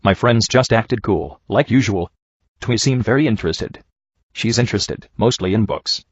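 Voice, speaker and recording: A man reading a badly written story aloud in a dry, sarcastic, deadpan way, mocking it as he goes. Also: on the low side, normal speed, breathy edge, no room sound. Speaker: reviewer reading bad fanfiction. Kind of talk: dry comedic reading and commentary. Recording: dull lo-fi home recording.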